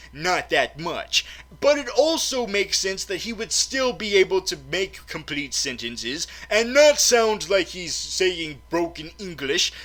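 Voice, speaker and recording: A man reviewing a film in a casual, chatty way. He often trips over his words and starts sentences again. His voice is high, bright and crisp. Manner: chatty, stumbling restarts and self-corrections. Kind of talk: casual movie review chat.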